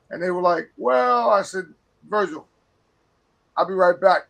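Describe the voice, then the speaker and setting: A man hosting a casual podcast, telling animated stories and swearing casually. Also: sits high, unhurried, gravelly, low-quality recording. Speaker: podcast host.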